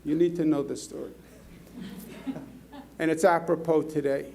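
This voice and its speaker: High-voiced man giving a folksy speech. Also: steady tone, moderate pace, creaky, darkish tone, a little hiss or hum. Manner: folksy storytelling, rousing and repetitive. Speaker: politician. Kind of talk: public speech.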